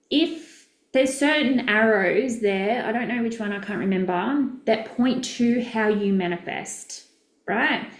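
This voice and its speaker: A woman's voice: mid-range voice, reverberant. A woman, a business coach, chatting casually and effusively with viewers during a live session, rambling and correcting herself as she goes.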